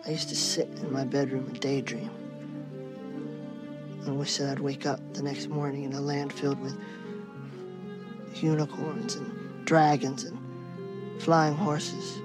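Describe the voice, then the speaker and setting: An actor playing a gentle, sick little man who talks softly and sounds resigned, heard in a film clip. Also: mid-range voice, level tone, unhurried, pauses often, lightly acted. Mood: wistful. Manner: soft-spoken, quietly resigned. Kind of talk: film dialogue. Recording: film clip over music.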